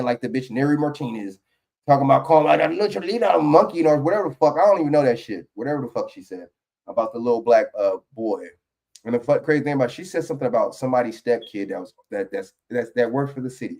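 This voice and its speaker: A man's voice: medium pitch, a little mellow. A man giving heated, profane reaction commentary on a political video clip.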